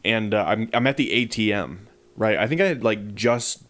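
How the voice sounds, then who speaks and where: A man's voice: lowish voice, moderate pace, a bit bright. A man co-hosting a podcast in casual chat, cracking dry teasing jokes and laughing often. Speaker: podcast co-host.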